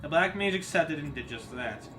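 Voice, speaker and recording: A man's voice: on the high side, expressive, moderate pace, background noise. A man narrating a fan audio drama in a plain storytelling way, with small reading slips. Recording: music bed under voice. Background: music.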